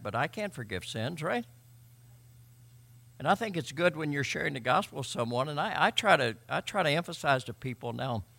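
A man preaching a sermon, emphatic, swinging between loud and quiet and often repeating words. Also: mid-range voice, creaky. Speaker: pastor.

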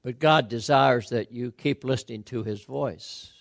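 A man's voice: mid-range voice, a little slow, creaky, no echo, studio quality. A middle-aged man preaching a sermon as a pastor, questioning his listeners earnestly and building to emphatic peaks.

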